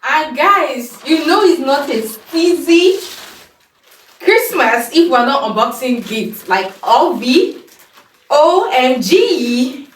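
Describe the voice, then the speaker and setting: A young woman chats to her viewers in an excited, gushing, slangy way. Her voice sits a little high and she takes her time. She sounds set back from the mic in an echoey room. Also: slow, far from the mic. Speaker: vlogger. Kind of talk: casual vlog chat.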